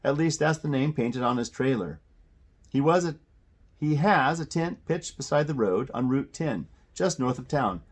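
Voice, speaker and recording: A man's voice: mid-range voice, animated, moderate pace, slightly rough. A man voicing a thoughtful, helpful male jeweler on the phone. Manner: thoughtful, hesitant.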